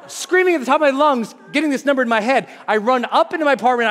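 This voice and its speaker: A man's voice: fast, hardly any pauses. A man who works as a motivational speaker tells a personal story to a live audience, acting out scenes with big jumps in his voice. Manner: animated, acts out scenes with big pitch jumps. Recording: echoey hall.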